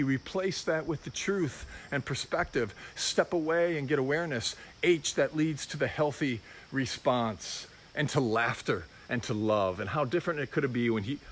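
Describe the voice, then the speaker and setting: A man's voice: medium pitch, a bit bright, slight background noise. Reflective middle-aged male preacher. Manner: reflective, personal and confessional. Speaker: pastor. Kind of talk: informal sermon.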